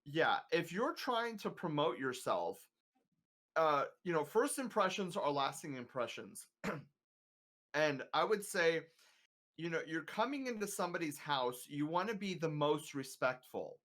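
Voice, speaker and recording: A man's voice: on the high side, very animated, a little slow, fairly bright tone. A man streamer chatting casually on a podcast, giving earnest, emphatic advice with lots of filler words, over a remote voice call.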